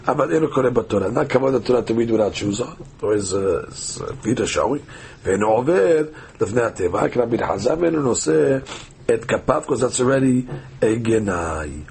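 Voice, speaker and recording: A man's voice: medium pitch, expressive, a little fast, vocal fry, darkish tone, a little hiss or hum. A man teaching a daily Talmud class, reading the text aloud and translating it phrase by phrase with frequent hesitant fillers.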